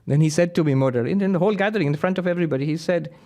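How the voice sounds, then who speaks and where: A man who is a monk, giving a lively spiritual lecture full of anecdotes and frequent laughter. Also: on the high side, very fast. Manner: animated storyteller who laughs often.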